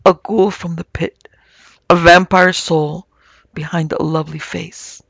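A man doing an anguished, gravelly young man. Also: fairly high pitch, little pitch movement, normal speed, no room sound, exaggerated voice. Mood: despairing. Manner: gasping, anguished. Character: distraught young man, haunted by grief and horror.

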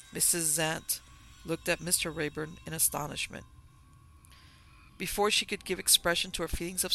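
A man narrating a classic novel as an audiobook in an even, formal storytelling manner. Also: fairly high pitch, gravelly.

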